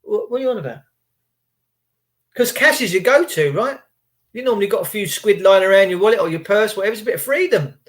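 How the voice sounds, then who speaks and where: A man ranting casually to his viewers, acting out little scenes in quick put-on voices, slangy and swearing. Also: high voice, animated. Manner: slangy, swears, rhetorical questions. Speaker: video host.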